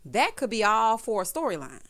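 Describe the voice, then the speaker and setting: A woman giving a sassy, animated recap of a reality TV episode, full of slang and asides to her viewers. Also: a little high, normal speed. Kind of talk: casual recap commentary.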